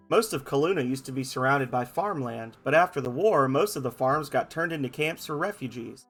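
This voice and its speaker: This man reads game dialogue aloud during a playthrough, giving each character a playful voice and tossing in self-deprecating asides. His mid-range voice is expressive and creaky, moderately paced, with soft music in the background.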